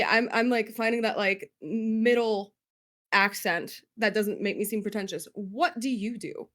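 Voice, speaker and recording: This is a woman who grew up in Spain, hosting a relaxed show for gamers. She calls the contestants sweet pet names and winds her way through long, loose questions. Her voice sits at an ordinary middle pitch. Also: measured pace. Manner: affectionate, rambling, fillers like "like". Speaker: game show host. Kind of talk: casual question-asking.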